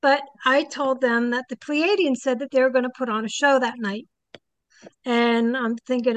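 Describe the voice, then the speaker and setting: A woman's voice: high voice, fairly even intonation, moderate pace, dry recording. An older woman, a psychic guest, telling stories in a casual interview and animatedly acting out the people she quotes.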